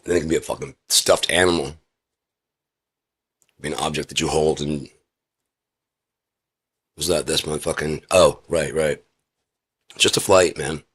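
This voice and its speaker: A man's voice: a bass voice, fairly even intonation, a little slow, long pauses, fairly bright tone, breathy edge. A man talking casually and profanely on his own indoors, rambling through a rant in a lecturing way. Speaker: vlogger. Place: indoor room with a heater.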